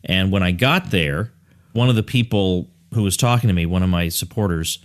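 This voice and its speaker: A man's voice: deep voice, moderate pace. A man hosting a podcast interview, with a radio-style voice, chatty and laughing easily. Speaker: podcast host. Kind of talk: casual interview chat.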